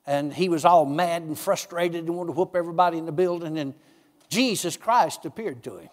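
A man preaching a sermon, telling stories and acting out his own dialogue with God in a raised, lively voice. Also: fairly high pitch, fairly quick, in a large hall. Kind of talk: sermon with storytelling.

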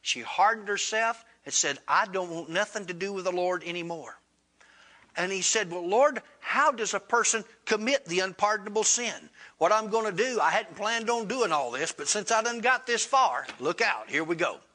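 A man preaches a sermon, retelling a story in plain, folksy speech with Southern colloquial grammar and acting out both sides of the dialogue with rising pitch. His voice is animated and sharp-toned at a normal speed.

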